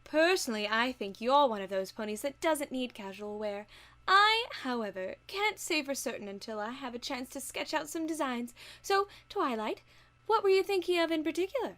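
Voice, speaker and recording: A woman's voice: high-pitched, lively intonation, normal speed, fairly bright tone. A woman voicing a refined, fashionable unicorn mare who makes dresses, in a fan audio drama. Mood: gracious. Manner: posh, theatrical and elegant.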